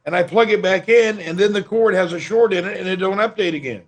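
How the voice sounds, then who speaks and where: High-pitched guy on a call, grumbly, mutters. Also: fast, noisy background. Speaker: livestream guest. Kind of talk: casual video call chat.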